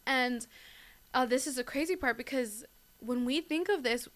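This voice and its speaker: A woman's voice: high-pitched, moderate pace. A young woman giving a casual devotional talk as host, chatty and full of fillers, often calling her listeners "guys". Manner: chatty, lots of fillers and "like", laughs at herself.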